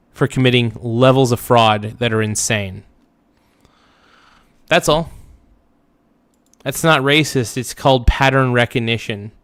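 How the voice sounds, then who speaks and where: A man in the middle of a livestream rant, blunt and emphatic, who keeps circling back to the same point. His voice sits at an ordinary middle pitch. The sound is close and dry, with no room echo. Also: fairly bright tone. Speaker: livestream reaction host. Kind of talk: ranting reaction commentary.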